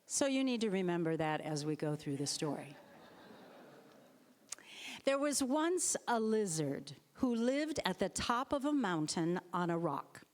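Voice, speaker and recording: A woman telling a children's story to a congregation in an animated, expressive way. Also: fairly low pitch, unhurried. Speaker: storyteller, board president. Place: church sanctuary. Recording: long hall reverb.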